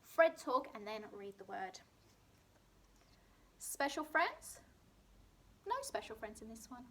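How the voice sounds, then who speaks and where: A woman teacher with a British accent leads a phonics lesson for young children. She speaks slowly, in a slightly high voice, sounding out each word with clear emphasis. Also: very animated. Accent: British English. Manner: slow, clearly sounded-out words with bright emphasis. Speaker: primary school teacher.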